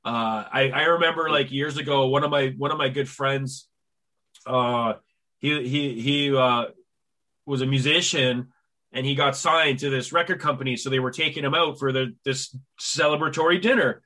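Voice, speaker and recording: A man hosting a podcast, chatting casually, telling stories in an animated way and stammering as he starts sentences. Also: mid-range voice, moderate pace. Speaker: podcast host. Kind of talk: casual conversation.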